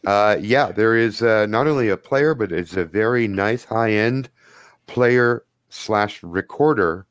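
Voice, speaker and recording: Low-voiced man as game master, casual and joking, dry close sound. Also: slow, clear, resonant tone, dry recording. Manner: casual, joking description with swearing. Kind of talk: narrating a tabletop game.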